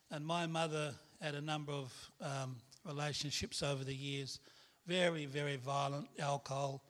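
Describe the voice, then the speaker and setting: Middle-aged man, guest preacher, frank testimony style, bright voice. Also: on the high side, creaky. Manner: candid storytelling with self-deprecating laughs. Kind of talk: personal testimony sermon.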